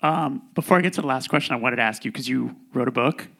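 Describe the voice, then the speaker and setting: A man hosting a live podcast interview, asking casual, halting questions full of fillers. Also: medium pitch, vocal fry, pushed and bright. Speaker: podcast host.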